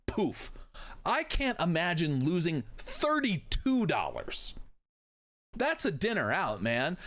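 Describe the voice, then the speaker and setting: A man's voice: fairly high pitch, fairly bright tone. A man teaching history on a live stream, talking in a casual, jokey way and swearing now and then. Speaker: history professor.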